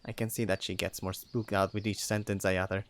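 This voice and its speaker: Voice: low-pitched, flat delivery, fairly quick. A narrator reading a fantasy story aloud in the first person, wry and exasperated. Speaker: narrator and reader.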